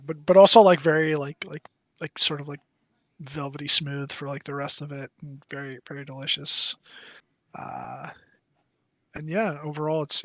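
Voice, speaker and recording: A man running a tabletop roleplaying game, describing the scene in a loose, rambling way full of fillers and restarts. His voice sits a bit high for a man. The recording is dry and close, with no room sound. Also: a bit bright, no echo. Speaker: game master.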